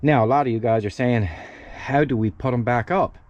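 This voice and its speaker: With the camera in one hand and a task in the other, a channel host talks his viewers through a casual how-to beside a parked van, slightly out of breath. His voice is mid-range and darkish, at an ordinary pace, and the recording sounds muffled. He chats freely, often saying "guys."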